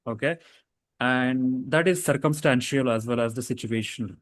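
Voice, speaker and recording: A man's voice: mid-range voice, normal speed, no echo. A man teaching a casual grammar lesson, explaining rules with fillers and self-corrections.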